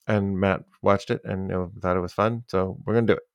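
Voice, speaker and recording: A man's voice: sits low, steady tone, fairly quick, clear, resonant tone, no room sound. A man co-hosting a podcast, signing off with dry, wry jokes. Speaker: podcast co-host. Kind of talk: casual chat.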